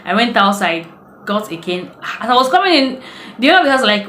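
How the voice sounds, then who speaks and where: A woman's voice: a little high, big pitch swings, quick pace, bright, forceful tone, slight background noise. A woman from Nigeria with a Nigerian accent, giving casual advice in a storytelling way in a video blog. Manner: chatty storytelling, acts out quoted voices. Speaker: vlogger. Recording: echoey room.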